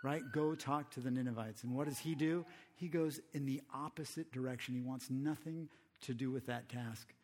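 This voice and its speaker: A man's voice: mid-range voice, fairly even intonation, moderate pace, darkish tone, slight background noise. A man preaching a sermon in a conversational way, often putting rhetorical questions to the audience.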